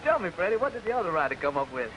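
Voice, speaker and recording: A man hosting a scripted radio comedy, playing the brisk, laughing straight man. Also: high-pitched, sing-song, a bit bright, low-quality recording. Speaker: host. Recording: old radio broadcast with background noise.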